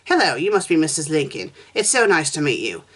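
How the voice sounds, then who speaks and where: A woman voicing a kind, friendly male professor in a story she reads aloud, gentle and polite. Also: low voice, sing-song, fairly quick.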